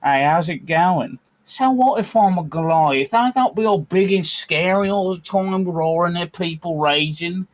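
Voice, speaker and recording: A man's voice: sits high, unhurried, hardly any pauses, voice pushed up. A man putting on a friendly, laid-back giant Goliath. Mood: breezy. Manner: easygoing, casual, upbeat.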